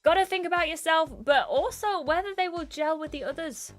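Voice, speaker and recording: High-pitched woman reading a dating-game host, brisk, confiding, faint music behind. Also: a bit bright. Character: chatty young woman guiding islanders in a dating game. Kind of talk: game character lines read aloud.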